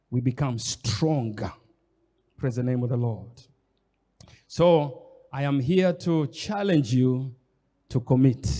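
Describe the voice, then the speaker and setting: A man's voice: mid-range voice, mellow. A man preaching a sermon as pastor, emphatic and repetitive, speaking straight to the congregation. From Kenya. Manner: emphatic, repeats phrases, addresses the congregation directly. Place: church hall. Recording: long hall reverb.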